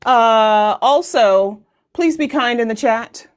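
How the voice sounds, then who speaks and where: A woman's voice: fairly high pitch, slow pace. An American woman in her forties who moderates a live online town hall, joking and rambling casually as she talks. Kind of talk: casual livestream chat. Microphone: video call.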